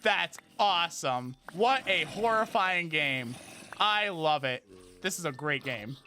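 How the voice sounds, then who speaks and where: A gaming streamer talking casually through his game, excitable, narrating his moves and shouting at the enemies. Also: a little high, a little slow, a little hiss or hum. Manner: excitable, talks to game enemies, frequent exclamations. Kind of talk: casual let's play commentary.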